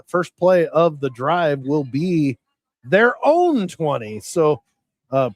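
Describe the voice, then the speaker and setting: A play-by-play announcer gives folksy, rambling commentary on a high school football game, often correcting himself. There is no echo.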